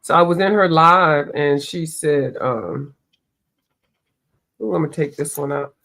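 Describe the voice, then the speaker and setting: A woman's voice: sits low, measured pace, a bit bright. A woman hosting a livestream, chatting casually while she colors, rambling and searching for names, a bit stuffy from allergies. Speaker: livestream host.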